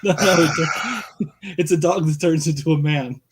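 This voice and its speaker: A man playing a tabletop game, joking playfully. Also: on the high side. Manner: playful, quick quips. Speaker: player. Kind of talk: casual tabletop play.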